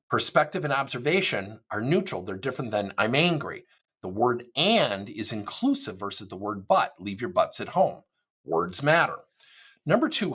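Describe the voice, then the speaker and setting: A man in his fifties speaks as a corporate trainer, his husky voice swinging widely in pitch. He talks in an animated way and acts out the lines of the people in his stories. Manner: animated, acts out quoted dialogue. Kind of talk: motivational talk.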